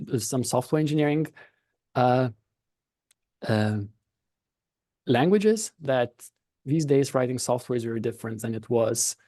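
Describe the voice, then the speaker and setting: A man's voice: medium pitch, mellow, dry recording. A man with a Lithuanian accent, a podcast guest and company founder, explaining his work in a thoughtful, conversational way, often restarting his sentences.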